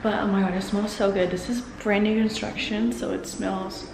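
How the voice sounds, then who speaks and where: A woman's voice: medium pitch, flat delivery, normal speed, gravelly, background noise. A young woman vlogging as a real estate agent, talking casually to the camera with lots of "um" and "like" while she sets up in an empty new house. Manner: chatty, many fillers like "um" and "like". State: a little out of breath. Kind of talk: casual vlog talk to camera. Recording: roomy echo in an empty house.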